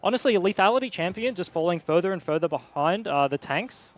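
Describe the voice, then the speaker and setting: A man giving quick analytical color commentary on an esports match, bantering with his co-caster. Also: high-pitched, lively intonation.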